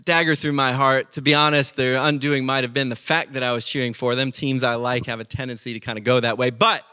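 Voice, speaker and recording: A man preaching a sermon as pastor, telling stories with lively acted-out voices. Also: medium pitch, brisk, clear, resonant tone. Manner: animated storytelling, acting out quoted voices.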